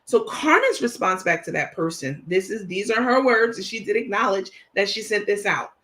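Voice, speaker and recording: A woman with a New York accent hosts a livestream and comments on what she reads aloud. Her voice is bright and sharp. She is emphatic and indignant throughout. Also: mid-range voice, lively intonation, normal speed. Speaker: host.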